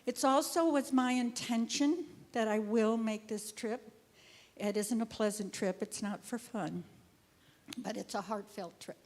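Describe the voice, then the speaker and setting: An older woman tells a personal story of giving to a congregation. Her voice is fairly high and her pace is slow, and she chats along with laughter and asides. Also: darkish tone. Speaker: congregation member. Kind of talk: personal testimony.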